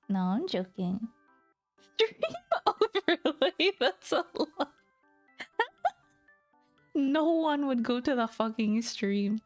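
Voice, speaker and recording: A woman's voice: on the high side, a little mellow. A woman streamer chatting casually with her viewers, playful and teasing, laughing often. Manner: giggly, playful and teasing, talks straight to viewers.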